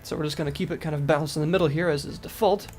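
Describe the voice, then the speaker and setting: A man with a cold, sounding stuffy, raspy and nasal, talking casually through a video game review with fillers and restarts. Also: on the high side, fairly even intonation, rapid-fire, a little mellow, faint music behind. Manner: rambling, with fillers and self-corrections. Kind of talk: casual gameplay commentary.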